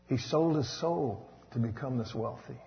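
Animated preacher in a hall. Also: male voice, medium pitch, moderate pace, vocal fry. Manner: animated preaching, swings from loud to hushed. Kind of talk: sermon. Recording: dull echoey hall recording.

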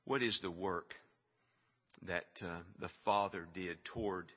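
A man's voice: deep voice, slow pace, slightly rough. A man preaching a sermon, emphatic and building to stressed repeated phrases. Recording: dull sound with long hall reverb.

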